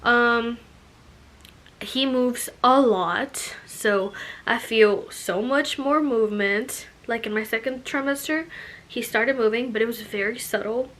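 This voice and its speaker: A woman's voice: fairly high pitch, takes it slowly, a bit bright. A young woman chatting casually in a vlog, filling her talk with "like" and "you know", a little out of breath. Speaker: vlogger. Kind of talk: casual pregnancy update vlog.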